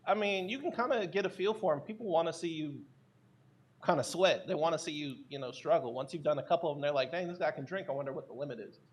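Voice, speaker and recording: A man as a podcast guest telling casual, animated stories, with many fillers and restarts. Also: fairly high pitch. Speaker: guest, content creator.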